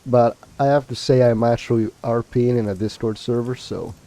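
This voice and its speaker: A man's voice: medium pitch, steady tone, a little fast, warm tone. A man streaming a video game, chatting casually to his viewers and rambling with fillers and restarts. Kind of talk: casual let's-play commentary.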